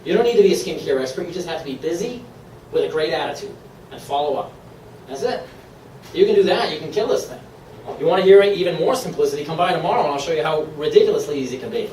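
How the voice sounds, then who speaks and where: A man from Maine giving an upbeat, persuasive sales pitch to a live room, laughing often. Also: lively intonation, fast, a little mellow, reverberant, far from the mic, a little hiss or hum, poor audio. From Maine, USA. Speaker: presenter at a sales meeting. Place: meeting room.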